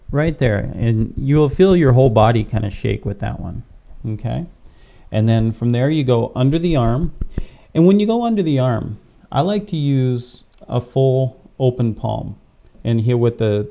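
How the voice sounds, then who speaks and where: Gravelly-voiced man teaching step by step. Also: mid-range voice, mellow. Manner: patient, step-by-step, frequent "okay?" check-ins. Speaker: pastor teaching tapping technique. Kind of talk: instructional demonstration. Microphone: clip-on microphone.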